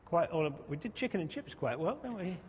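A man's voice: on the high side, very animated, fast, a little mellow, a little hiss or hum. A man preaching a sermon, talking conversationally with humorous asides to the congregation. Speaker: pastor. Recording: dull lo-fi sound in a reverberant hall.

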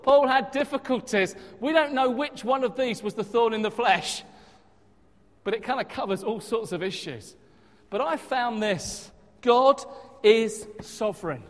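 A man from southern England preaches with real animation, his voice sitting notably high for a man. He swings between loud, dramatic passages and quieter asides. The sound carries a long, lingering reverb from the hall around him. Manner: animated, dramatic shifts in loudness when acting out quotes. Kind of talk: sermon.

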